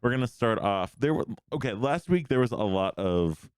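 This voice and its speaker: A man hosting a casual sports podcast, quickly rattling off game scores in a rambling way. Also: mid-range voice, animated, clean tone, dry recording, clean studio sound. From Pennsylvania. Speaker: host.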